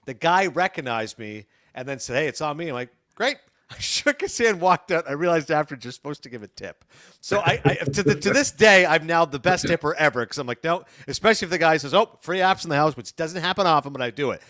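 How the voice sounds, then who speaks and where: A middle-aged man, a sports broadcaster guesting on a podcast, telling animated stories and acting out the dialogue. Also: fairly high pitch, quick pace. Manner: animated, acts out dialogue in his anecdotes. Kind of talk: podcast storytelling.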